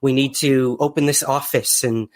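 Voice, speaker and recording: A man's voice: mid-range voice, steady tone, normal speed. A man hosting a podcast interview, asking questions in a friendly way with many fillers, and reading out listener questions. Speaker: podcast host.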